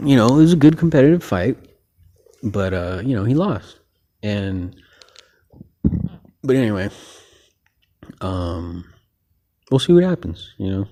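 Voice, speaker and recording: In a rambling one-man boxing chat, the host drifts from point to point, heavy on filler words such as "you know." He speaks slowly with frequent pauses, in a slightly low, dark, mellow voice, coming across as relaxed and opinionated.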